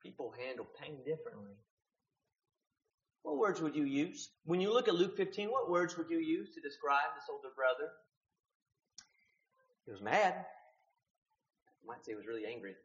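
A man preaching a sermon, swinging from hushed, quiet lines to loud, emphatic ones. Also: on the high side, sing-song, moderate pace, pauses often, echoey room, dull audio.

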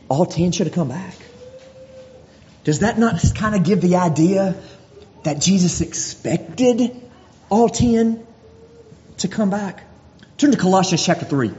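A man's voice: high-pitched, dark tone. A man preaching a sermon to a congregation, driving his points home with repeated rhetorical questions. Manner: rhetorical questions, emphatic repetition. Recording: dull lo-fi audio with long reverb.

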